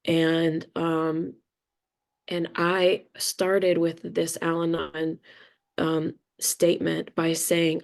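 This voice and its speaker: Middle-aged woman, low flat gravelly voice, slow, candid and rambling, casual swearing. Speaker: spiritual reader sharing experience. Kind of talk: casual reflective talk.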